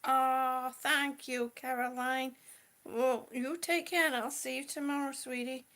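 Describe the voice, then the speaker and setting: A middle-aged woman chats on a live stream, a little short of breath, with a slightly high voice. She talks slowly and fondly to her viewers and calls them sweetie and honey. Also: steady tone, fairly bright tone. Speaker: vlogger chatting with live viewers. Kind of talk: casual live-stream chat.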